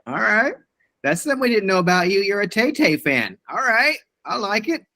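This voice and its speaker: Upbeat male host with a bright voice, heavy on praise. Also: high voice, sing-song, a little fast, no echo. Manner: upbeat, effusive praise, says awesome often. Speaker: meeting host. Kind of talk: hosting a team video meeting.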